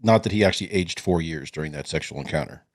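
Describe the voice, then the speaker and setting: A male co-host with a husky, low voice fires off quick, sarcastic jokes. His lively delivery sounds close and dry. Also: no echo. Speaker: podcast co-host. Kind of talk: casual chat.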